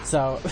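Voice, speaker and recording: A man hosting a let's play, chatting casually, laughing often and explaining game mechanics. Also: a little high. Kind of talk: casual gameplay commentary.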